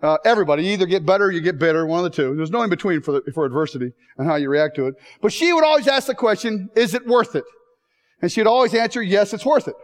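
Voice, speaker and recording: High-voiced man preaching. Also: rapid-fire, hardly any pauses. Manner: joking, then emotional and shouting. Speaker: chapel speaker. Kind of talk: humorous sermon. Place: chapel.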